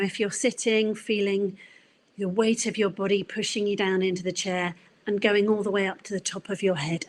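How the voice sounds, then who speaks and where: A middle-aged woman giving a career coaching talk at a conference, gentle and encouraging, with frequent fillers. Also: mid-range voice, low-quality recording. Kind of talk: conference presentation.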